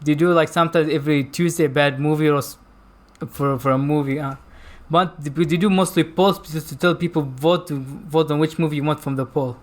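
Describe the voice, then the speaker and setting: A man's voice: fairly high pitch, steady tone, a little fast. A man co-hosting a film review chat, not a native English speaker, who rambles, hunts for words and laughs often. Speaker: podcast co-host reviewing a film. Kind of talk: casual chat.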